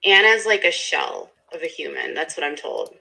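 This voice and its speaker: Low, bright-voiced woman speaking bluntly. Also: lively intonation, normal speed, gravelly, rough recording. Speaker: commentator in a played clip. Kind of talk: casual video commentary.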